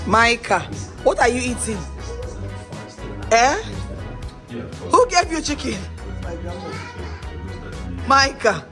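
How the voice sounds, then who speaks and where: A woman's voice: on the high side, sing-song, slow, pauses often, over music. A woman, chatting casually to her vlog audience, gushing and laughing often. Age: 30s. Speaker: vlogger.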